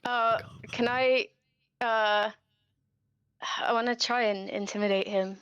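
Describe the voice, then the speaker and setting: A woman playing a tabletop game, chatting casually and hesitantly, with many pauses to think. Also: a little high, fairly even intonation, a bit bright, smooth, no echo, lo-fi sound. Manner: hesitant, full of fillers and restarts. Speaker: player.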